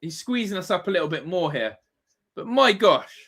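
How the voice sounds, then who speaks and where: A man's voice: sits high, very animated, moderate pace, a bit bright, husky. A man hosting a live football watch-along, ranting and swearing in exasperation at his team. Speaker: fan channel host.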